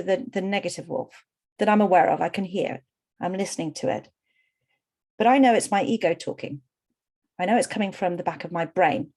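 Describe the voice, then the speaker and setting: A middle-aged woman coach leads an online workshop in an earnest, explanatory way. She builds her points through repeated lists and direct address. Her voice sits at a middle pitch. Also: a little mellow.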